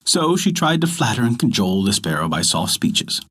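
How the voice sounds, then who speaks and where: A man narrating a folk tale and hosting a story podcast, in an expressive, scripted storytelling manner. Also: lowish voice, a little fast, slightly rough.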